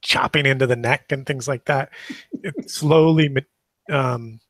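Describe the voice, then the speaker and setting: A man running a tabletop game as game master, narrating in a halting way with frequent restarts. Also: medium pitch, steady tone, a bit bright, dry recording.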